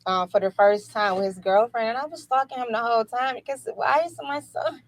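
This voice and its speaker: A woman's voice: a little high, brisk, rough recording. A woman in her thirties or forties chatting as a podcast co-host, bubbly and laughing easily. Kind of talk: casual podcast chat.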